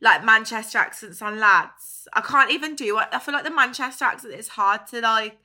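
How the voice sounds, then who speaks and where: A young woman co-hosting a casual chat podcast, playful and chatty and quick to laugh. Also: a little high, bright, forceful tone. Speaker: podcast co-host.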